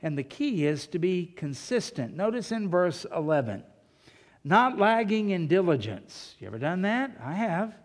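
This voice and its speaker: High-voiced man preaching in a reverberant hall. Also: big pitch swings, normal speed, few pauses, darkish tone. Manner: conversational, with rhetorical questions and humorous anecdotes. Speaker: pastor. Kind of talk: sermon. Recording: long reverb of a large hall.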